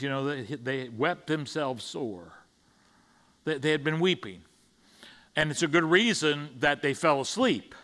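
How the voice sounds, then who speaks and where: A man's voice: fairly high pitch, fairly bright tone. A man preaching a conversational sermon in church, stumbling over restarts and acting out the disciples' side in paraphrase. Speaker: pastor. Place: church sanctuary.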